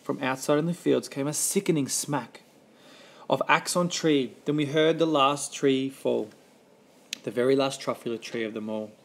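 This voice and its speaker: A man reading a rhyming children's story aloud with a lively, rhythmic delivery. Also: mid-range voice, moderate pace, gravelly.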